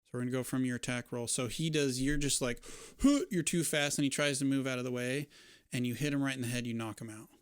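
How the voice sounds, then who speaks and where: A man narrating as game master of a tabletop game, describing scenes in a relaxed way with casual fillers. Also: mid-range voice, quick pace, clean tone, dry recording, studio quality.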